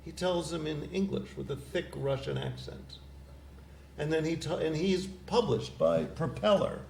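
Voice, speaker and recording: A middle-aged man, a poet guest, chatting casually in a wry, rambling way with a gravelly voice. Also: on the high side, animated, moderate pace, darkish tone. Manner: wry, rambling storyteller with laughs. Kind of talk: casual chat. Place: community cable studio. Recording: roomy studio with faint hiss.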